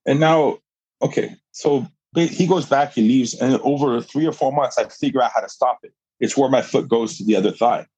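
A man's voice: mid-range voice, normal speed, a little mellow, husky, dry recording, dull audio. A middle-aged man, a guest on a podcast, telling a story with energy, laughing often and restarting his sentences. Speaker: guest, jiu-jitsu fighter and coach.

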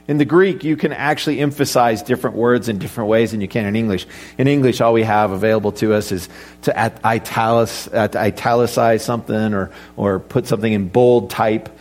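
A middle-aged man delivers a sermon in an easy, conversational way. He slips in light jokes and asks the congregation rhetorical questions. His pitch sits at an ordinary middle height for a man. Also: brisk, a little mellow. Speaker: pastor.

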